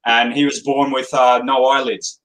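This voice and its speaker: A man with an Australian accent talks about soldiering in a blunt, earnest way, swearing freely and calling his mates brother. His voice sits at an everyday middle pitch. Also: flat delivery, normal speed, a bit bright, rough recording. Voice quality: blunt and profane. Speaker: former infantry soldier guest. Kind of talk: casual chat.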